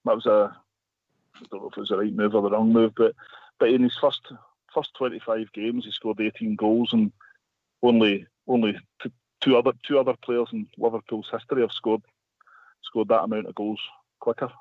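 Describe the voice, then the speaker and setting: A man's voice: on the low side, level tone, brisk, no echo. A man telling a long story as a radio guest, rambling with many restarts. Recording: phone line.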